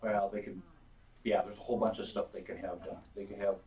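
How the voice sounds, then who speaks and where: A male contractor guest on a talk show, speaking earnestly and at a fast clip. His voice has a mid-range pitch for a man and is heard from a distance through a muffled recording. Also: flat delivery.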